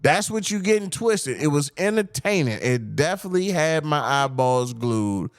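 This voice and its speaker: Animated profane man hosting a podcast. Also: on the high side, moderate pace, no room sound, clean studio sound. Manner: animated, profane, mimics voices. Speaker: podcast host. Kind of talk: casual chat.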